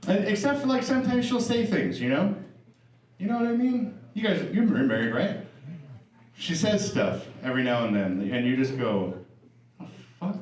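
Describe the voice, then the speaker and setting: Very animated and pitched on the high side, a middle-aged man talks at normal speed through a chatty, profane stand-up set with crowd work. The stage mic catches him from a distance in a roomy live recording, with laughter from the audience.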